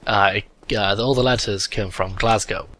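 Low, bright-toned sardonic gamer. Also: male voice, steady tone, moderate pace. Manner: sardonic, crude, swears a lot. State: voice cracking a bit. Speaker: let's play host. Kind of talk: gaming commentary.

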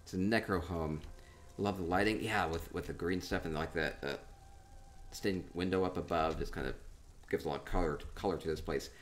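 Male streamer with a lowish voice, casual and playful, thinking out loud as he wanders through player-built rooms. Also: moderate pace. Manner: playful, rambling, thinking aloud. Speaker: streamer touring player homes in a game. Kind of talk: casual live-stream commentary.

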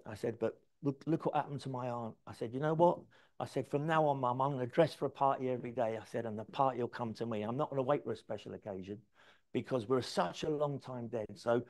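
A man giving a conference talk, telling anecdotes and acting out the dialogue in them. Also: medium pitch. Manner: animated, anecdotal, acts out dialogue. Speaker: speaker. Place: event stage before an audience.

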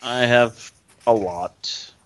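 A man's voice: medium pitch, extremely slow, a bit bright. A man from Iceland playing at a tabletop game, making laid-back remarks. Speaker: player.

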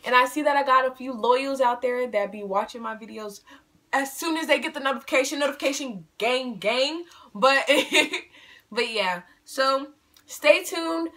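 A high, slightly bright voice belongs to this eighteen-year-old woman running a Q&A vlog from home. She talks a lot, keeps things bubbly and playful with plenty of self-teasing, and refers to her audience as "y'all."

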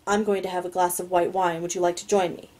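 A woman voicing a guarded, controlled wealthy young man in an audiobook-style reading, speaking low and clipped. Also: little pitch movement, fast talker, darkish tone, lightly acted.

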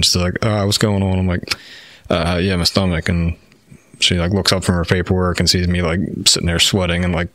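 A deep, low-pitched man talks frankly and at length, with plenty of fillers and the odd curse. The sound is dry and close, with no room around it. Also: a bit bright, dry recording. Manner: rambling, frank, swears often, many fillers. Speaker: podcast guest, firefighter. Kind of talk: candid storytelling.

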